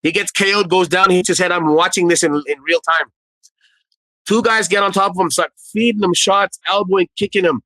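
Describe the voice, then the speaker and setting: A middle-aged man recounts his nights working a club door, talking casually and acting out the quoted lines. His voice sits fairly high for a man. The sound is dry and close. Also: a little fast, no echo, low-quality recording. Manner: animated retelling with quoted dialogue and repeated phrases. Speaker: former nightclub doorman. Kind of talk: casual spoken storytelling.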